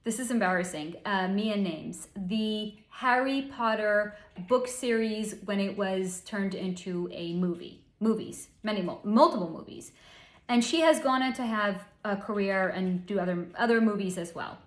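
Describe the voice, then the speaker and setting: A woman's voice: mid-range voice, measured pace. A woman hosting a casual psychic reading, talking in a snarky, sarcastic, profane way. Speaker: psychic channel host. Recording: roomy echo.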